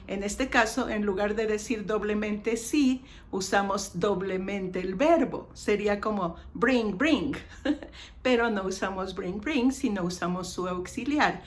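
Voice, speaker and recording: A native Spanish speaker with a medium-pitched voice leads an English grammar lesson against slight background noise. She says each example sentence again slowly, with occasional asides in Spanish.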